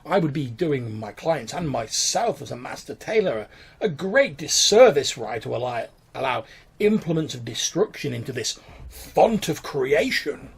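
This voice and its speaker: A man's voice: very animated, moderate pace, gravelly, breathy edge, exaggerated voice. A man voicing a fawning, pompous male master tailor who talks in a flowery, obsequious way. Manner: obsequious, flowery and high-pitched.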